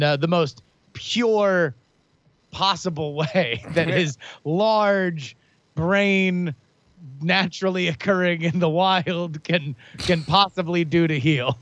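A man co-hosts a comedic chat, rambling wryly and hesitating often. His voice sits a little high, and the recording is dry, slightly muffled and lo-fi. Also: unhurried, a bit bright, no room sound. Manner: wry, rambling, hesitant with many fillers. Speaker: player and podcast co-host.

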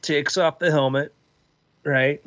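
Bright-voiced man running a tabletop game. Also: on the high side, fairly even intonation, slow pace, no room sound. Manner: dry, offhand narration with asides. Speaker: game master. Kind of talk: narrating a comedic tabletop game. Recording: dull, lo-fi podcast audio.

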